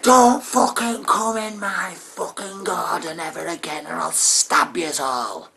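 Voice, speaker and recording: A man voicing a furious, bullying older male neighbour who yells threats and swears. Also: high-pitched, takes it slowly, creaky, voice pushed up, full character voice. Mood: enraged.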